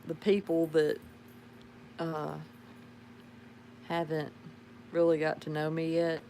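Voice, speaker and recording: A soft-spoken woman with a warm Southern drawl hosts a relaxed livestream from her home. She talks slowly in a slightly low voice, chuckling now and then. A faint hum of noise sits behind her. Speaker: livestream host. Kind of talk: casual live chat. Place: home with pet dogs.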